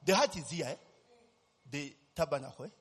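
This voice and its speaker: A man's voice: fairly high pitch, brisk, fairly bright tone, breathy edge, big-room sound. A man, preaching a sermon as personal testimony, telling his story animatedly and constantly tossing in tag questions.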